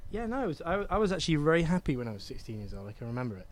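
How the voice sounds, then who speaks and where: A guest singer in his thirties from England, with a southern English accent, chats relaxedly but hesitantly in a casual interview, filling it with ums. He talks very fast in a fairly high voice.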